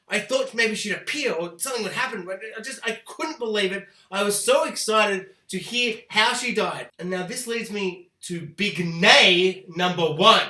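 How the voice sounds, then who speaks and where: A man hosting a spoiler review of a TV show, ranting with animated, profane exaggeration. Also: high-pitched, moderate pace. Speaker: TV review host. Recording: echoey room.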